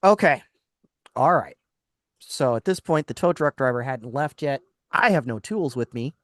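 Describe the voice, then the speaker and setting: Animated man host telling a story. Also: medium pitch, moderate pace, no room sound, studio quality. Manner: animated, acts out other people's lines in the story; exasperated, laughs between lines. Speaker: radio host. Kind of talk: casual storytelling chat.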